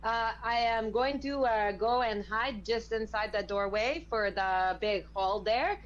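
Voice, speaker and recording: A woman's voice: on the high side, a little slow, highs cut off. A woman playing a tabletop game, talking through her moves with lots of uhs and likes. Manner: hesitant, filler-heavy, careful planning. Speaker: player. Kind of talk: casual tabletop play.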